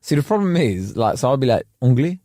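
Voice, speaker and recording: A man's voice: medium pitch, big pitch swings, fast talker, warm tone, no echo, clean studio sound. A man co-hosting a podcast, rambling and self-correcting as he explains facts, often chuckling. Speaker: podcast co-host.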